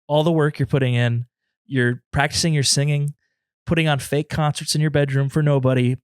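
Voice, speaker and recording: A man's voice: mid-range voice, dry recording, clean studio sound. A man hosting a comedy podcast alone in his apartment, rambling and self-deprecating, turning emotional now and then. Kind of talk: improvised comedy podcast monologue.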